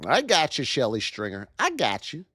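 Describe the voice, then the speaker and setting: A man's voice: medium pitch, wildly swooping pitch, moderate pace, sharp tone, slightly rough, dry recording, studio quality. A man in his thirties hosting a live trading stream, hyped up, calling out viewers' names and calling them his beauties. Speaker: trading educator and livestream host.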